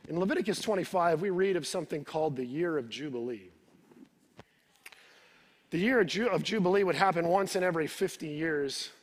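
Pastor guy preaching, fairly high voice, lots of echo, stumbles and repeats words when he gets going. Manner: expository preaching, retelling scripture in his own words. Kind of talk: sermon. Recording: reverberant hall.

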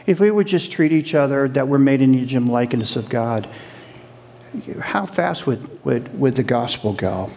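A middle-aged man preaching a sermon, animated, asking the audience questions and laughing along with them. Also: mid-range voice, moderate pace, a little hiss or hum.

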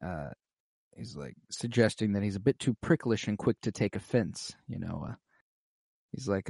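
A man's voice: lowish voice, lively intonation, normal speed, gravelly, darkish tone, breathy edge, no room sound, clean studio sound. A young man co-hosting a podcast, recapping a TV episode in casual, slangy chat. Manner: laid-back, slangy, does goofy quoted voices. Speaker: podcast co-host.

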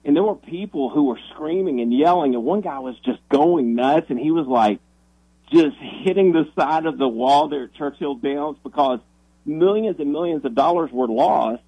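A minister telling a story on the radio, with a slightly raised, husky voice. He talks fast and tumbles over his own words, restarting sentences as the excitement builds. The studio sound is dry and close. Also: a little high, no echo, low-quality recording.

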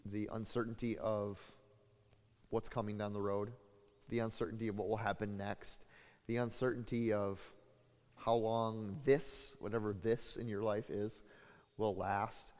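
A man preaching a sermon as pastor, halting and full of fillers and restarts, getting louder and higher when he acts out what people say. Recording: long hall reverb.

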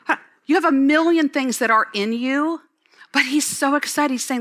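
A woman pastor giving an excited, exclamatory sermon, later leading the congregation in prayer. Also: sits high, moderate pace. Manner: ends in spoken prayer.

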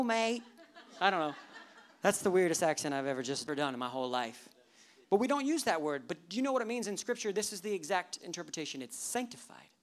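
A lively preacher delivering a sermon at a church service. The voice sits at a middle pitch and keeps prodding the congregation with rhetorical questions. Joking asides break up the teaching. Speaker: pastor.

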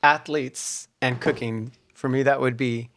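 A man's voice: medium pitch, steady tone, measured pace, fairly bright tone. A man chatting as a guest, playful and teasing, filling his talk with "like". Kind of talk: casual chat.

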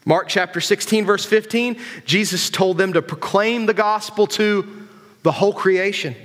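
A man with a high voice preaches in a relaxed, conversational way, full of rhetorical questions and repeated phrases. His voice rings out with a long reverb from a big hall. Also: moderate pace. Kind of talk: conversational sermon to young people.

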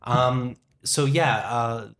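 A man's voice: medium pitch, fairly even intonation, drawn-out words, fairly bright tone, a little hiss or hum. A man in his forties, a film industry worker chatting as a podcast guest, rambling and thinking aloud with many restarts. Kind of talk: casual interview chat.

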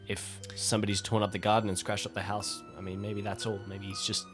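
A man's voice: fairly low pitch, completely flat delivery, fast, a bit bright, soft background music. A man playing a tabletop game, chatting casually and hesitantly with restarts. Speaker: player.

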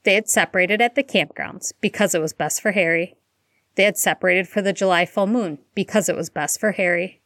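A woman reading a fan-fiction story aloud in a steady, even storytelling manner. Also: fairly low pitch, a little fast, no room sound, studio quality. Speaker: audiobook reader.

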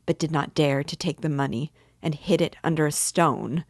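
A bitter, defiant young man who broods over every word, low and unhurried. A woman reader gives him voice in her own even reading tone, close to a dry mic. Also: dry recording. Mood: brooding defiant.

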